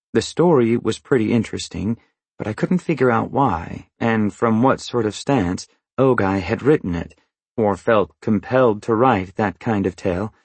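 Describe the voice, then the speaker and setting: A man narrating a first-person novel in an even, understated, matter-of-fact way. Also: lowish voice, creaky, slightly rough, dry recording. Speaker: audiobook narrator.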